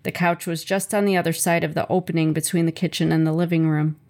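A woman's voice: low voice, flat delivery, a little mellow. Earnest woman reading her own memoir. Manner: measured, earnest first-person reading.

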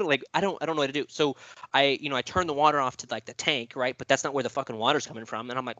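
A man's voice: mid-range voice, fast, bright, forceful tone, dry recording. Swearing, rambling guy telling a story. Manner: rambling, profane, lots of fillers. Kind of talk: casual storytelling chat.

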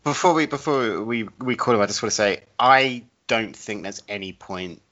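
A man's voice: lowish voice, normal speed, pushed and bright. A man co-hosting a casual podcast, upbeat and enthusiastic. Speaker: podcast co-host. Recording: dull lo-fi audio.

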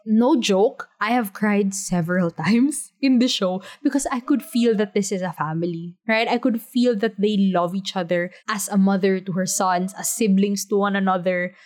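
A woman's voice: mid-range voice, darkish tone. Gushing woman reviewing a drama. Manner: gushing and emphatic, with filler "like" and "you know". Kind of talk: casual video review. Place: her room.

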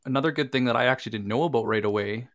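A man co-presents a casual workshop in a voice of middle pitch. He explains calmly and steadily, with some restarts. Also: rapid-fire.

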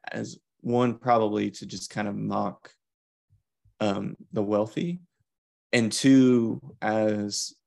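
A man's voice: fairly low pitch, creaky, darkish tone. A man co-hosting a podcast in casual chat, thinking aloud in long winding asides. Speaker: podcast co-host.

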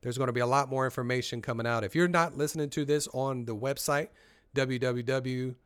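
A man's voice: medium pitch, fairly even intonation, a little fast, fairly bright tone, smooth, no room sound, clean studio sound. A man hosting a podcast and giving a motivational talk on leadership. He speaks directly to his listeners in a conversational way. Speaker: podcast host.

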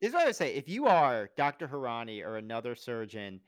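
Male podcast co-host, animated and joking, voice swings a lot, dry recording. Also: mid-range voice, fast, smooth, dry recording. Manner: animated, jokey, acts out quoted lines. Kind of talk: casual chat recapping a TV episode.

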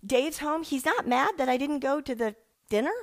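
A middle-aged woman telling her personal faith testimony in an emotional, animated way, acting out the people she quotes. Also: high voice, normal speed. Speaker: speaker sharing a personal testimony.

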